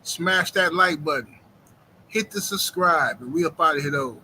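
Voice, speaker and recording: A man hosts a live stream from home, and his voice sits high and very bright. He talks in an animated, joking, slangy way. Faint noise hums behind him. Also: moderate pace, rough recording. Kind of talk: casual live stream chat.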